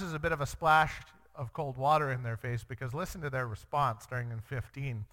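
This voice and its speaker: A man, a young father, teaching through a Bible passage in an earnest way, acting out the quoted lines with sudden jumps in pitch. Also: brisk, few pauses, fairly bright tone. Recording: long reverb.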